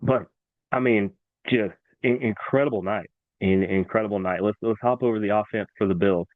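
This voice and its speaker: Man, sports talk host, excitable, repeats himself, tinny phone-like audio, dry sound. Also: fairly low pitch, moderate pace, no room sound.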